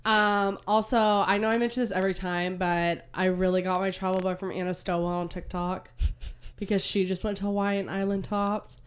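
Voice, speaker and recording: A young woman co-hosting a podcast in casual chat, bubbly and chatty, her voice still slightly raspy from a cold. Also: mid-range voice, level tone, moderate pace. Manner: bubbly, chatty, full of "like" fillers. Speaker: podcast co-host.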